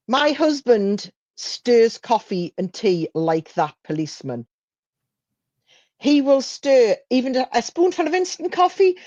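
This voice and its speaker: A woman's voice: fairly high pitch, darkish tone, no room sound. Chatty woman, dry dull mic. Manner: chatty, laughs easily, reads chat aloud. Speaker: livestream co-host. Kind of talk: casual chat.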